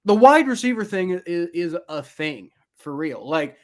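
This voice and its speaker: A man chatting casually on a sports podcast, his voice sitting a little high. He rambles, circling back with fillers and restarts as he builds his point. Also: very animated, a little slow. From Ohio. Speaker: podcast co-host.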